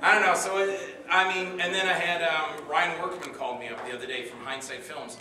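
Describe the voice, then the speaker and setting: A man's voice: fairly high pitch, fairly even intonation, brisk. A man telling stories about his acting work at a convention Q&A, rambling with many fillers and acting out other people's voices. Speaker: actor answering audience questions. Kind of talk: storytelling Q&A at a convention panel. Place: convention hall with audience. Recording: echoey hall, mic far off, noisy.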